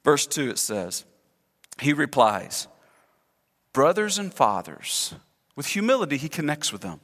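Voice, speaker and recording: A male pastor preaching a sermon to a congregation in a church, animated and acting out quoted speech, leading the room in call-and-response. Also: a little high, normal speed. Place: church sanctuary. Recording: long hall reverb in church.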